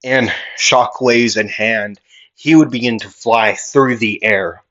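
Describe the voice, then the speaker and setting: A man spins an improvised fan story at an unhurried pace. He rambles and restarts often, filling gaps with "like" and "uh". The recording sounds a little dull and lo-fi. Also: mid-range voice, steady tone, fairly bright tone. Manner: rambling, with many fillers and restarts.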